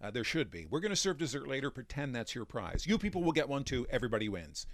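A man acting out an ingratiating, overeager salesman character who cracks quick jokes at a dinner table. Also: mid-range voice, big pitch swings, no echo. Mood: eager. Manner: frenetic, quick, trying too hard to be liked.

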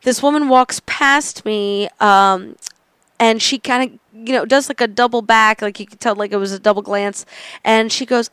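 A young adult woman on a podcast, chatty and giggly, telling a story with quick asides. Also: on the high side, fairly even intonation, fairly bright tone, smooth, no echo. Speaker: podcast co-host and comedian. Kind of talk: casual chat.

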